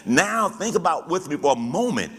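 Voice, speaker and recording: A man's voice: a little high, big pitch swings, normal speed, in a large hall. A man teaching as a pastor in church, preaching with rhetorical questions and call-and-response.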